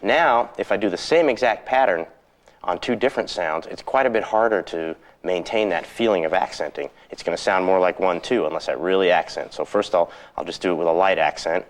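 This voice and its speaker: A man teaching guitar rhythm on an instructional videotape, relaxed and counting beats aloud. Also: low-pitched, a little fast.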